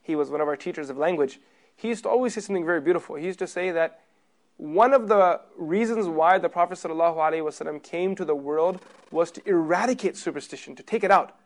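Emphatic high-voiced male religious teacher. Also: fast. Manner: emphatic, with rhetorical questions to the audience; swings between loud stress and soft low passages. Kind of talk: sermon-style class.

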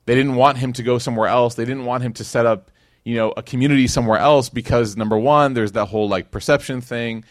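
A man's voice: medium pitch, fairly even intonation, fast talker, no echo, clean studio sound. A man from Chicago teaching a conversational sermon, telling stories with slang and acted-out quotes. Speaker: Islamic teacher. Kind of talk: casual sermon.

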